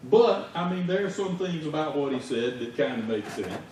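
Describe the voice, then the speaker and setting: A man's voice: a little high, lively intonation, normal speed, a little hiss or hum. A man with a Southern US accent preaching a folksy, conversational sermon as a lay preacher. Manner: folksy, conversational, rising to shouts in stories. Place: church sanctuary. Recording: echoey church heard from far off.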